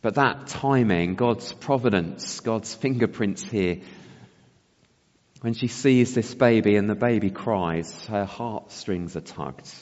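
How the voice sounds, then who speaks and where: A man's voice: on the low side, slow pace, a little mellow. A man delivers a thoughtful sermon, often asking his listeners rhetorical questions. His voice carries a long reverb, as if in a church hall, and the recording sounds slightly dull and muffled. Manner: reflective, asks rhetorical questions. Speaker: preacher.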